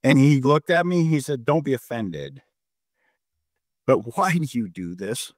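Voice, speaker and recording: A man's voice: medium pitch, lively intonation, measured pace, no room sound, clean studio sound. A middle-aged man from North Dakota, a mayor chatting casually on a discussion show, who often restarts and repeats words and tells anecdotes. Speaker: mayor, guest.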